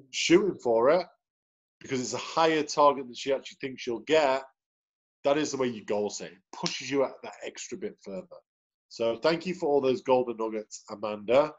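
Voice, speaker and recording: Over dull, lo-fi video call audio, a man speaks at a normal speed in a medium-pitched voice. He hosts an upbeat sales team call, greeting each participant and chatting cheerfully to keep the mood motivational.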